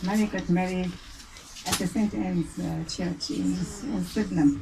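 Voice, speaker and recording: A woman's voice: lowish voice, fairly even intonation, normal speed, gravelly. Hesitant South African woman addressing family. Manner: hesitant, many fillers. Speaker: family member giving a reunion speech. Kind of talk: informal speech to family. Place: outdoor family gathering. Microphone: phone recording from a distance. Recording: distant phone recording with background noise.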